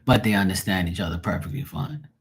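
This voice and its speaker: Man, bermudian accent, deep voice, husky, rambling casual livestream chat. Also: fast talker. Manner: rambling, profane, laughs often. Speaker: live tarot reader and streamer.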